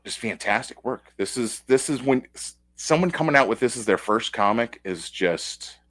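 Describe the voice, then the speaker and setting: A man's voice: medium pitch, expressive, normal speed, a bit bright. A man giving a casual, rambling comic book review, enthusiastic and packed with fillers.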